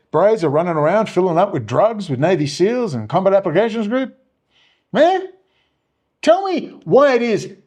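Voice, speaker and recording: A man delivering an angry, profane solo rant as a commentator, sneering, with sudden swings up and down in pitch. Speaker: political commentator.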